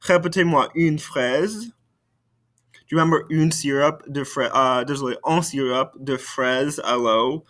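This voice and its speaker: A man's voice: medium pitch, normal speed, a bit bright. A man teaching a recorded French lesson, patiently saying vocabulary for students to repeat.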